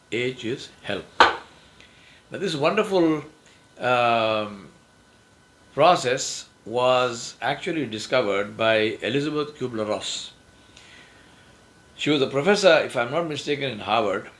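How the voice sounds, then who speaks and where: Middle-aged male lecturer, emphatic, lively delivery, quotes acted out. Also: low-quality recording. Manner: emphatic, acts out quoted phrases with rising pitch. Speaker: speaker on success skills. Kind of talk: motivational talk.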